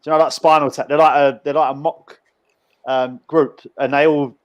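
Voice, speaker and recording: A man's voice: fairly high pitch, little pitch movement, normal speed. Rambling man telling stories. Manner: rambling storyteller, many fillers and restarts. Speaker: podcast host. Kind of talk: casual chat.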